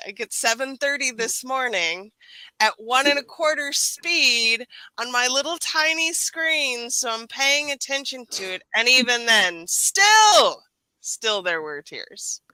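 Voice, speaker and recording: A woman's voice: mid-range voice, bright, forceful tone, smooth, dry recording, rough recording. A woman hosting a casual movie review show, chatty, trailing off with fillers. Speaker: host.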